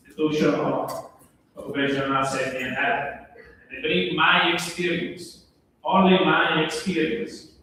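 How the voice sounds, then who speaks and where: A man's voice: on the high side, fairly bright tone, far from the mic, a little hiss or hum. Italian man in an echoey hall. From Italy. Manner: self-deprecating, halting non-native phrasing. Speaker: conference speaker. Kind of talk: conference presentation. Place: large conference hall.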